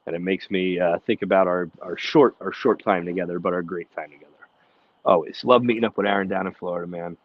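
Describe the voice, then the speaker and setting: A man co-hosting a casual podcast chat, telling animated, profane stories and acting out shouted quotes. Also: sits low, quick pace, lo-fi sound. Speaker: podcast co-host.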